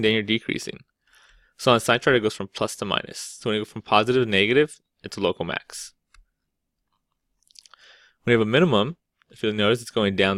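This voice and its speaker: Man teaching math, casual lecture, lowish pitch, dry recording, frequent "right?". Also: fairly bright tone, no echo. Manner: casual, repeats "right?" often, restarts mid-word. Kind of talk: explaining calculus over a whiteboard.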